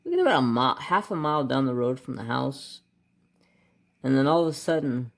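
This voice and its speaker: A man hosting a craft channel, telling a rambling childhood story in a casual way while he colors, muttering to himself over which color to pick and getting animated at the exciting parts. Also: medium pitch, a little fast, gravelly. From United States.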